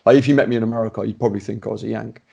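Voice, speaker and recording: A man hosting a podcast, talking in a chatty, animated way with lots of restarts. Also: fairly low pitch, racing, creaky, very noisy. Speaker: podcast host. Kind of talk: casual podcast chat.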